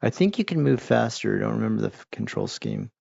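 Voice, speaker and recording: A man's voice: lowish voice, wildly swooping pitch, fast, gravelly, darkish tone, dry recording. A man casually commenting while he plays a video game, chatty and distracted, talking back to the characters. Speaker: gaming streamer. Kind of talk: casual let's-play commentary. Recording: dull lo-fi mic.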